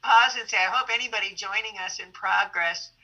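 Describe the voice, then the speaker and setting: A woman's voice: medium pitch, brisk, pushed and bright, poor audio. A woman hosting a library poetry reading who breaks in enthusiastically over a video call. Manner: enthusiastic, laughing. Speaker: host of a library poetry series. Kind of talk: host interjecting.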